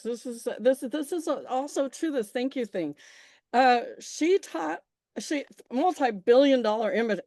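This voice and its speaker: A woman leads an informal workshop talk, rambling into stories and restarting sentences as she goes. She stresses her points emphatically and coaxes the listener along. Her voice sits in an ordinary middle pitch and sounds close and dry. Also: a little mellow, no room sound. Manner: chatty storyteller, frequent restarts and self-corrections; emphatic, coaxing. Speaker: small business marketing presenter.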